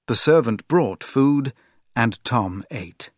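A man reading a story aloud for a language textbook, in an expressive, clear storytelling manner. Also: medium pitch, takes it slowly, no room sound, studio quality. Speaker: narrator. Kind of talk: scripted textbook story narration.

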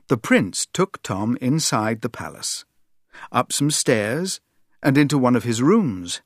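A man reading a story aloud for a language textbook, in an expressive, clear storytelling manner. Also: mid-range voice, slow, dry recording, clean studio sound. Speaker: narrator. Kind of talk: scripted textbook story narration.

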